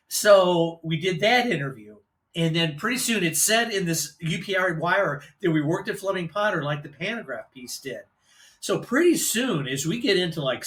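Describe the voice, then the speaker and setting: A man's voice: high voice, a bit bright. An older man from Illinois telling a long personal story in a casual, rambling way, with profane asides. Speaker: vlogger and storyteller.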